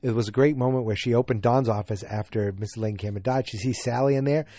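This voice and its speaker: A man's voice: medium pitch, fast talker, warm tone, no echo. A man hosting a podcast, casually recapping a TV episode in a rambling way, with many fillers and restarts. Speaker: podcast host.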